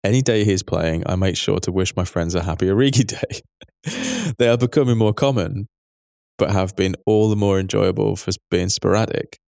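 A man hosting a podcast, chatting casually in a relaxed, agreeable way and reading a listener message. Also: on the low side, normal speed, creaky, no room sound, clean studio sound. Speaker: podcast host.

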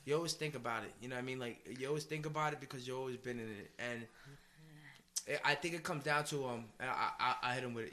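A man's voice: medium pitch, fast, pushed and bright, a little hiss or hum. A man co-hosting a podcast in loose, joking, profane casual chat. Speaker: podcast co-host.

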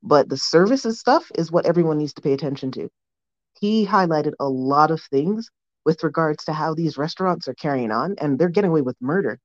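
A woman's voice: sits low, expressive, fairly quick. A woman calling in from Toronto, earnestly explaining her view. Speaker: caller. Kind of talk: phoned-in opinion. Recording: dull lo-fi phone line.

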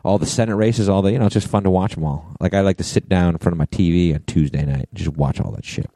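A man co-hosting a casual comedy podcast from a hotel room, chatty and quick to laugh along. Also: low-pitched, mellow, dry recording. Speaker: podcast co-host.

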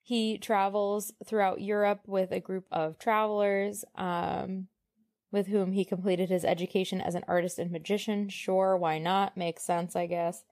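A woman's voice: medium pitch, level tone, darkish tone. A woman co-hosting a podcast who reads passages from a novel aloud and breaks off to joke and laugh. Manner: joking, laughs often, pauses on fillers. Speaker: podcast co-host. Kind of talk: casual chat mixed with reading aloud from a novel.

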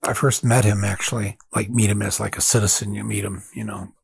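An older man from Michigan hosting a podcast, talking in a casual, wry and animated monologue, chuckling at his own points. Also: fairly low pitch, brisk, vocal fry, husky, no echo. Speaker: podcast host.

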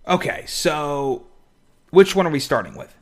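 A man's voice: fairly high pitch, lively intonation, a little slow. A man hosting a podcast in casual, rambling chat, swearing now and then. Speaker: podcast host.

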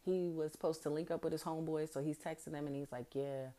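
A woman with a slightly low voice hosts her podcast and tells a story in a candid, casual way. She talks frankly and swears freely. She laughs often and acts out what others said. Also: fairly even intonation, fast, warm tone. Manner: frank and profane, laughing often, acting out quotes. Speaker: podcast host.

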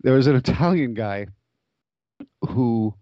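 Speaking slowly but with animation, a medium-pitched man chats and spins stories on a dry, lo-fi recording. He wanders off track, keeps starting sentences over, and chuckles at his own humor.

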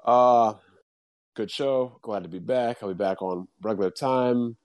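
A man's voice: medium pitch, a little slow, a little mellow, dry recording. A man co-hosting a casual podcast, signing off with blunt, offhand remarks. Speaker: podcast co-host. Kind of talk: casual chat.

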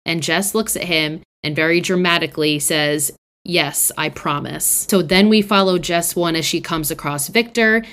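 Young woman podcaster, low voice, chatty recap, swears a lot, says like constantly. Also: normal speed, hardly any pauses, a bit bright, clear, resonant tone. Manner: chatty, swears often, fillers like "like". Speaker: podcast host. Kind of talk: casual film recap.

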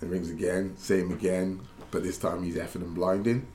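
Male ex-player pundit, low voice, animated anecdotes, slight hiss. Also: moderate pace, echoey room. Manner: animated storyteller, many restarts. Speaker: pundit, former footballer. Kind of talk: casual chat, storytelling.

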